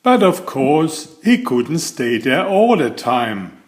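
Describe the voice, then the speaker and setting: A man reads a children's picture book aloud at a very slow, deliberate pace. His voice swoops up and down with lively expression as he draws the young listener in playfully. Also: a little high. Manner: animated, drawn-out, playful to children. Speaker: storybook reader.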